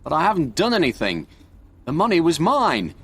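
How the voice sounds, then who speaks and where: A man's voice: a little high, huge pitch swings, normal speed, husky, pitched above the performer's own voice, exaggerated voice. Man doing a protesting young thief. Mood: defensive. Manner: protesting and evasive. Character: young male thief, defensive and indignant.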